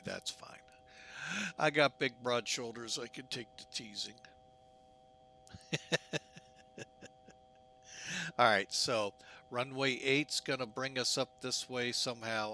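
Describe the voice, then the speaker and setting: A man's voice: mid-range voice, bright, forceful tone, slight background noise. A man giving casual, jokey commentary while setting up a flight simulator, often poking fun at himself. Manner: chatty, jokey, self-mocking.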